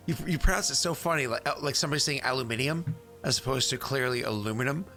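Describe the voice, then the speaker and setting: A man's voice: mid-range voice, quick pace, sharp tone, soft background music. A man running a tabletop game as game master, rambling with many fillers and frequent laughs.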